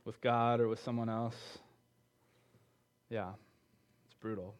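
A preacher from a church teaching team delivers a conversational sermon, frequently repeating words and posing questions to his audience. His voice sits in the middle range with a somewhat dark tone.

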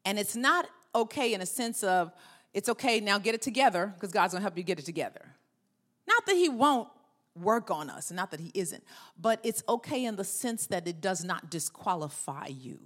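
A woman pastor preaching a sermon, lively, acting out inner voices and leading the congregation in call-and-response. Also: mid-range voice, a little fast.

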